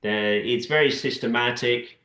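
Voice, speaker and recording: A man answering interview questions in a relaxed, halting way, often restarting his sentences. His voice sits at an ordinary middle pitch, and the recording has a roomy echo. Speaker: guest, dance adjudicator. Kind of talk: casual interview chat.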